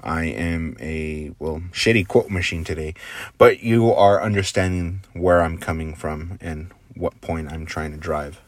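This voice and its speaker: A man with a very deep voice delivers a rambling, earnest motivational talk. He swears casually and keeps dropping into quiet asides. The sound is dry and close, with no room around it. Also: unhurried, no echo. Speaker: motivational speaker.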